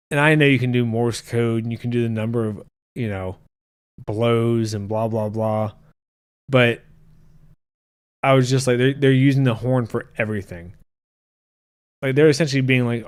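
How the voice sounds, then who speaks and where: Young guy podcaster, swears a lot, laughing and ranting casually, regular pitch. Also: normal speed, clear, resonant tone. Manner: crude, joking, ranting. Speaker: podcast host. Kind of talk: casual chat with live chat.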